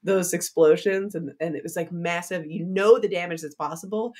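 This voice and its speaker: A woman with a somewhat low voice co-hosts a relaxed book discussion. She talks in a loose, chatty way, often laughing and using filler words. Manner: chatty, full of "like" and quick laughs. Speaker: podcast co-host.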